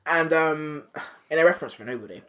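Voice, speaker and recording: A man with a slightly high voice hosts a podcast and recaps episodes in loose, animated chat. He swears freely and slips into the characters' lines as he goes. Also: brisk. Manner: animated, profane, acts out characters while recapping. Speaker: podcast host.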